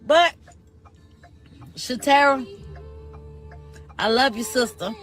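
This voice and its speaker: A woman's voice: high-pitched, slow. Grieving woman, emotional testimony, preachy and pleading, faint music bed. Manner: preachy, pleading, quotes scripture. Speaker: grieving sister in a live video.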